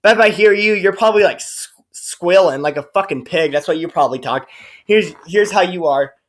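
In a profane vlog rant, a man on YouTube vents with sarcasm and curses, wandering off and restarting as he goes. He speaks a little fast in a high-pitched voice.

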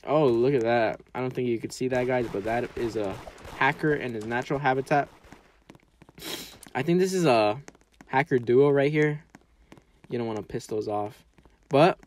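Excitable young-sounding gaming commentator man. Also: mid-range voice, a little hiss or hum. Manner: excitable, swings between mumbling and yelling; casual slangy chatter to viewers. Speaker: mobile game streamer. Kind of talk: gameplay commentary.

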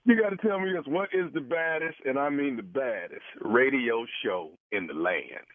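A man's voice: mid-range voice, expressive, normal speed, no echo. A man making a radio prank phone call, talking in a pushy, overwrought pleading way. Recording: tinny phone line.

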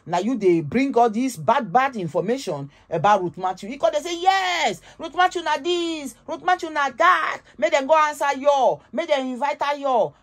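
A woman with a Nigerian Pidgin English accent telling gossip in an animated, emphatic way, often tagging her sentences with "oh". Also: on the high side. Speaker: gossip vlogger. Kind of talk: casual gossip storytelling.

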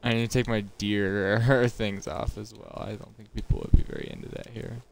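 A young streamer chats and rambles to himself over a video game in casual let's-play fashion. His gravelly voice sits on the low side, swoops wildly in pitch, and moves at a moderate pace.

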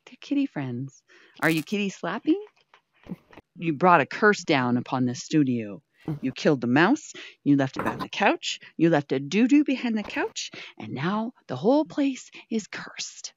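A woman hosting a show with lively, sweeping pitch and a lower register than most. She swings between mock scolding and sing-song cooing. The sound is dull, lo-fi and dry, with no room around it. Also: normal speed, no echo. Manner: teasing, theatrical, swings between mock outrage and cooing baby talk. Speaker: show host. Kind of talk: playful improvised VR chat banter.

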